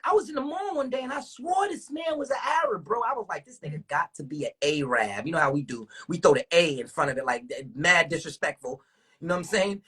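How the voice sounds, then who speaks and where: A woman with a husky, medium-pitched voice hosts a casual livestream. She rants in animated, profane fashion, firing off rhetorical questions.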